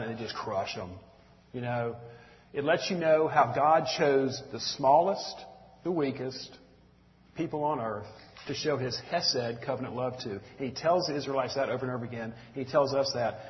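A man's voice: medium pitch, moderate pace. Man preaching in a reverberant hall. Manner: conversational preaching with frequent ums and asides. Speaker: pastor. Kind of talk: sermon. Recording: dull sound with long hall reverb.

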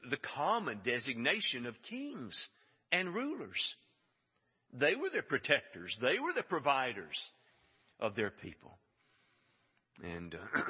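A man's voice: on the low side, breathy edge. A man preaching a sermon, emphatic and building to stressed repeated phrases. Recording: dull sound with long hall reverb.

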